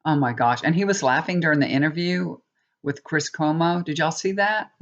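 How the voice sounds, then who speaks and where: A woman's voice: deep voice, animated, moderate pace, highs cut off. A woman giving a tarot reading in a casual, rambling monologue, often checking in with viewers. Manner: chatty, rambling with many restarts, asks viewers "okay?". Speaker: tarot reader.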